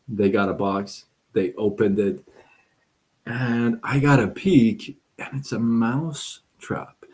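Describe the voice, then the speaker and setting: A man's voice: fairly low pitch, mellow. A man voicing a frightened little male mouse who pleads and stammers in panic.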